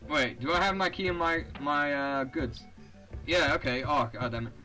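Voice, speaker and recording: A man's voice: on the high side, normal speed, bright, forceful tone, faint music behind, rough recording. A young man giving casual, profane commentary over a video game, reading its text aloud and laughing often. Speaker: let's play host.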